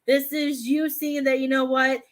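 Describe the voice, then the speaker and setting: In an unhurried, flat delivery and a high voice, a woman reads tarot as a medium during a live stream. She rambles, hesitates, repeats "I feel like," and at moments becomes tearful and emotional.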